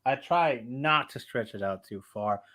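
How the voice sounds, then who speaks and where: A man's voice: medium pitch, expressive, measured pace, sharp tone. A man with a Southern US accent hosting a casual motorcycle livestream, rambling and laid-back, saying dude a lot. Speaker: motorcycle channel host.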